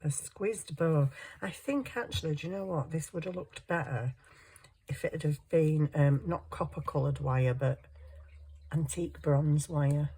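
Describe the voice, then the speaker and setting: A craft vlogger chats casually, partly to viewers and partly to herself, while working on a wire craft project. She has a deep, warm, husky voice.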